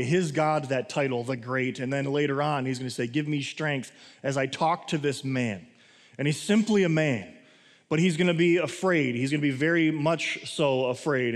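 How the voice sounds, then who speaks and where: Male pastor, slightly high voice, loose conversational sermon, church reverb. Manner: conversational, many fillers and restarts, acts out quotes. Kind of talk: casual sermon.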